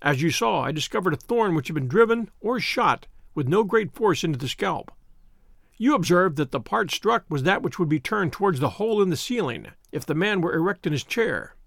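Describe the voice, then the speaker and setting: A man's voice: sits high, lively intonation, a little fast, creaky, fairly bright tone, no room sound, heavily acted. Man reading a dry, precise detective. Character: dry, sharp-witted male detective. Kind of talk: audiobook character voice.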